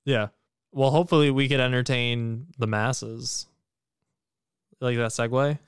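A man's voice: medium pitch, fairly even intonation, a little slow, clean tone, no echo, studio quality. A man co-hosting a podcast in casual chat, joking and profane. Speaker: podcast co-host.

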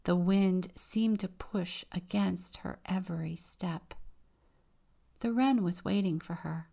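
Slow, gravelly woman reading a storybook. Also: fairly low pitch, dark tone. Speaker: deacon. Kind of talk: reading a children's picture book aloud.

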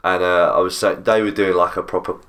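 Lively British man, casual podcast chat. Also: brisk. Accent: British English. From Britain. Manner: animated, jumpy pitch when making a point. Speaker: podcast host.

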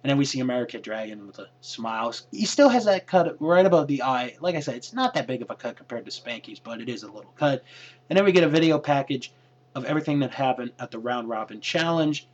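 A man's voice: mid-range voice, animated, fast. Man recapping in a muffled lo-fi recording. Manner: hesitant, with many fillers and restarts. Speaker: wrestling show reviewer. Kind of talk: casual recap monologue. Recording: lo-fi dull recording.

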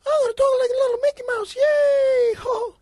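Brief: high cartoonish kid-voice fan, gushing, a man doing it. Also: steady tone, moderate pace, a little mellow, dry recording. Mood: eager. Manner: squeaky, eager. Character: eager young man meeting his idol.

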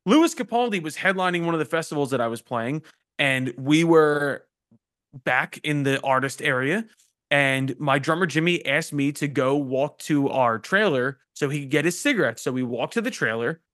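A man's voice: fairly high pitch, moderate pace, fairly bright tone. A man hosting a podcast, telling loose, profane stories in casual chat. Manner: loose, profane storytelling with laughs. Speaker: podcast host.

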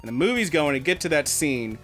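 A man co-hosting a podcast, telling a story in casual chat, animated and swearing freely. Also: on the high side, fairly quick, soft background music. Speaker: podcast co-host.

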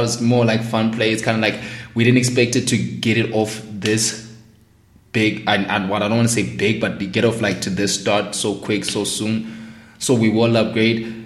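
A man's voice: on the low side, echoey room. A man hosting a podcast in casual, slangy chat, laughing often. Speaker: podcast host.

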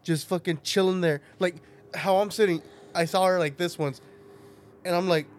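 A man in his thirties co-hosting a podcast, telling lively stories between laughs and swearing freely. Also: high-pitched, moderate pace. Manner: animated storyteller, laughs often, swears. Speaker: podcast co-host. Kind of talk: casual profane chat.

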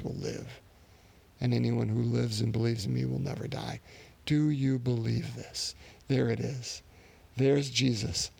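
Guy preaching a sermon, real gravelly husky voice, earnest and thoughtful. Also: medium pitch, a little mellow. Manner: earnest, reflective, with restarts and pauses.

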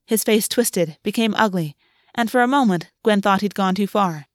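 A woman narrating a fantasy story in a measured, expressive way. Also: medium pitch, no room sound, clean studio sound. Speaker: audiobook reader.

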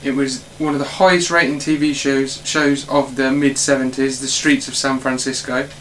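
A man hosting a casual film podcast, reading out facts in a halting way with many fillers. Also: mid-range voice, little pitch movement, fairly bright tone, slight background noise, low-quality recording. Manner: halting, filler-heavy delivery. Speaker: podcast host.

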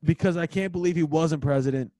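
A young man bantering in a casual podcast, with a voice sitting a bit higher than most men's. He jokes in a playful, mock-grand way. The recording is dry and close. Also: fairly quick, mellow, no echo. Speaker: podcast co-host. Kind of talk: casual chat.

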